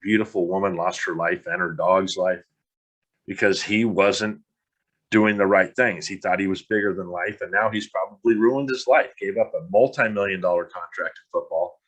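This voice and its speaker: A man's voice: low voice, steady tone, normal speed, fairly bright tone. A middle-aged man hosting a podcast, talking bluntly in a frustrated monologue and swearing casually. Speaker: podcast host.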